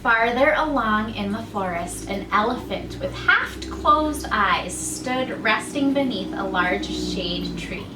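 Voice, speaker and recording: A woman who reads a children's story aloud slowly and gently, as a teacher. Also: a little high, animated, noisy background. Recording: echoey room, mic far off, faint ambience.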